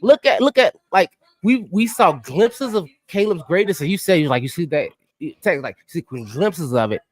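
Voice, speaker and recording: A man hosting a casual sports podcast, animated and emphatic as he talks. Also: high voice, moderate pace. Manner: animated and emphatic, slips into impressions. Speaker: podcast host.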